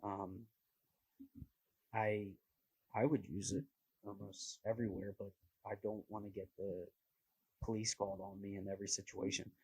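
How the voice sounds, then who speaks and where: A man's voice: lowish voice, level tone, moderate pace, long pauses, a little mellow, slightly rough, dry recording, rough recording. A young man hosting a podcast, chatting casually with a rambling, self-mocking humor and lots of fillers. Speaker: podcast host. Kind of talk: casual chat.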